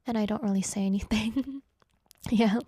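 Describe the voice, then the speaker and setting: Her voice is medium-pitched, warm, and slightly rough, moving at a normal speed. She's a young radio host in a studio, speaking into a studio microphone, chatty and self-deprecating as she reads out listener messages between frequent giggles.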